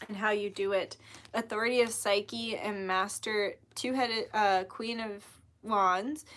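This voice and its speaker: A woman's voice: medium pitch, fairly bright tone. A young woman giving a casual tarot reading, chatty and full of fillers. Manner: chatty, lots of filler "like", spiritual talk. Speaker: tarot reader.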